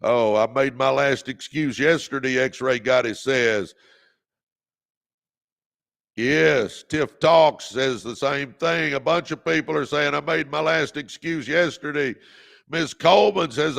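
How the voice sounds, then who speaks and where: Man host, gravel in the voice, preachy motivational livestream delivery. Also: on the high side, a bit bright. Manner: preachy, exhorting, leads call-and-response; reads out viewer comments. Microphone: phone or webcam on a livestream.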